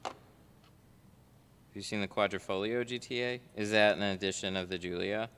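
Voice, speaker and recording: A man's voice: fairly low pitch, steady tone, a little slow, fairly bright tone, clear, resonant tone, big-room sound. A man working as a window tinter, chatting casually on a livestream while he works and answers viewer chat. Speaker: window tinter streaming live. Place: car tint shop.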